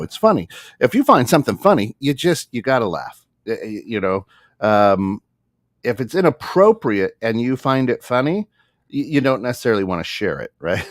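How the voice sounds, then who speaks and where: A man on a podcast telling a funny story in casual chat, halting with many restarts and laughing as he goes. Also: lowish voice, sing-song, no echo, studio quality. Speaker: podcast guest.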